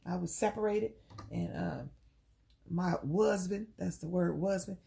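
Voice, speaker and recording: A woman's voice: lowish voice, measured pace, gravelly, warm tone. A middle-aged woman coaching on relationships in casual, sassy talk, preaching straight to the ladies. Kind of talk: casual talk to camera, live stream.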